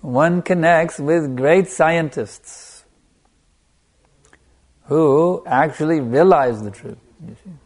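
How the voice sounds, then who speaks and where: A man giving a sermon as a spiritual teacher, stressing points by repetition and letting a soft "you see" trail off after them. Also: fairly high pitch, slow pace, pauses often. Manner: emphatic, repeating phrases for stress.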